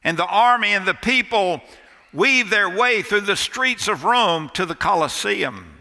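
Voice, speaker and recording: Slow, bright-voiced pastor in a reverberant church. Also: male voice, high voice, expressive, creaky. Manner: dramatic storyteller with pauses and emphatic drops to near quiet. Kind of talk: sermon storytelling. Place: church sanctuary. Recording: long reverb of a church hall.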